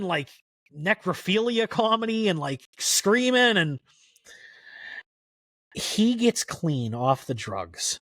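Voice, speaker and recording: A man talking casually as a podcast guest, his voice sitting a little high. He rambles through animated stories with plenty of filler words. The room sound is dry and close. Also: no room sound. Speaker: podcast guest, country music historian. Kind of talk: casual conversational storytelling.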